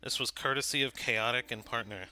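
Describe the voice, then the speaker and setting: A man's voice: mid-range voice, brisk, background noise. A man acting as game master on a livestream, chatting casually while sorting out his setup. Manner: laid-back, chatty, fiddling with the stream setup.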